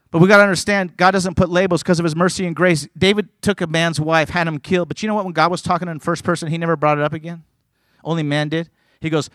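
Male preacher, high voice, earnest and emphatic, stumbles into chatty asides, close and dry. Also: fast, fairly bright tone, no echo. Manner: earnest, emphatic preaching, reading scripture aloud; conversational asides with stumbles and repeats. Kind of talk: sermon.

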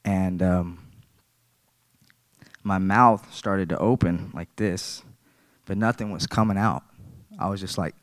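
A man's voice: low-pitched, takes it slowly, long pauses, no echo. A man giving a personal church testimony, earnest and plain-spoken, repeating his phrases.

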